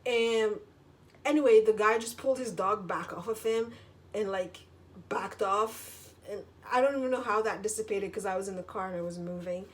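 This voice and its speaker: A woman's voice: mid-range voice, fairly even intonation, moderate pace. A woman vlogger in a casual storytelling monologue, chatty, full of filler words and casual swearing.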